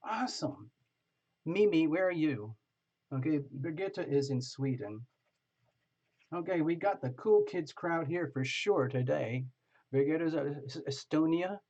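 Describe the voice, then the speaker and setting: A chatty man with a fairly high voice hosts a casual live tarot stream, greeting viewers one by one. The sound is dull and muffled, like a lo-fi recording. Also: lively intonation, a little slow, a little mellow. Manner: chatty, greets viewers by name, laughs often.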